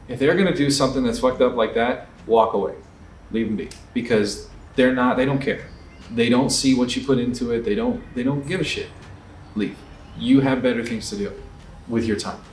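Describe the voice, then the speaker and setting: A man, an indie filmmaker, rants candidly to the camera with advice, speaking in a mid-range voice. His storytelling is blunt, profane, and emphatic. The echoey room, distant mic, faint ambience, and slight background noise are all audible.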